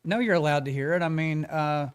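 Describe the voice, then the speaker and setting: A man's voice: a little high, a little fast, clean tone. A man telling a story as a guest in a casual interview, acting out the quotes of the people in it. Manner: animated storyteller, acts out quotes.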